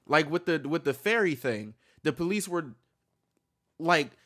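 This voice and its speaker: A man's voice: fairly high pitch, expressive, a little slow, bright, forceful tone. A man giving loose, rambling reaction commentary with lots of restarts and casual swearing. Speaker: reaction streamer.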